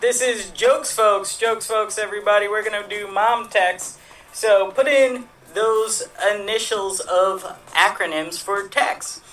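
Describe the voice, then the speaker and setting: Improv host, upbeat, slow delivery, mid pitch, distant call audio. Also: fairly bright tone. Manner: upbeat, chatty, laughs easily. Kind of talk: hosting a live-streamed improv game.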